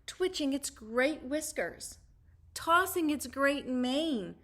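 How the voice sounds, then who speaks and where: A woman reading a children's storybook aloud in an expressive, sing-song way. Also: sits high, slow pace.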